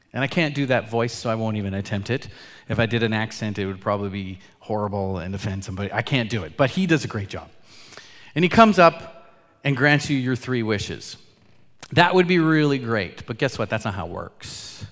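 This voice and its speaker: Male pastor preaching, earnest, loud then hushed, long church-hall echo. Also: lowish voice, expressive, brisk. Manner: earnest, swings between loud emphasis and soft asides. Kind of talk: sermon.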